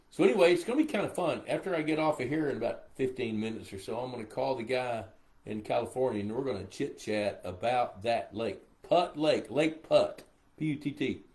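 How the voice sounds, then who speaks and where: A man's voice: mid-range voice, a little mellow. Older male host, drowsy and meandering, live Q&A tone. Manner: rambling, reads viewer questions aloud, easily sidetracked. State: sleepy. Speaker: pond management expert hosting a live Q&A. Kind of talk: casual live-stream Q&A.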